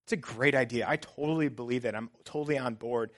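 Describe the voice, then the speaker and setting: A man's voice: medium pitch, quick pace. Conversational man preaching a sermon. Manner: conversational, self-described sarcastic, builds to loud emphatic exhortation. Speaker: pastor.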